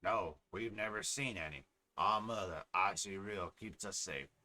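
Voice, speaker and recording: A man's voice: low-pitched, unhurried, bright, forceful tone, exaggerated voice. A man voicing a friendly middle-aged village fisherman, talking in a plain, homely way. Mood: warm.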